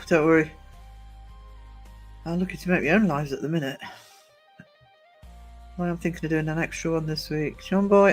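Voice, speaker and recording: Low on energy and talking from a gym, a man with a slightly bright voice runs a casual live stream. He's chatty and teasing, greets viewers by name, and laughs often.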